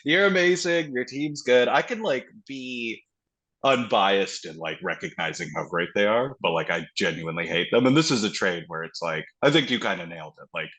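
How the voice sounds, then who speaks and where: Canadian guy guesting on a podcast, swears a ton, super animated, lowish voice. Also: moderate pace. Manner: profane, animated, mocks others in put-on voices. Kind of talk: casual podcast chat.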